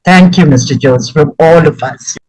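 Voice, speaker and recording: Guy with a higher voice gushing formal praise, fancy wording, dry close sound. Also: moderate pace, darkish tone, breathy edge, dry recording, rough recording. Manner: effusive, elaborate formal wording. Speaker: session participant giving feedback. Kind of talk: formal spoken review.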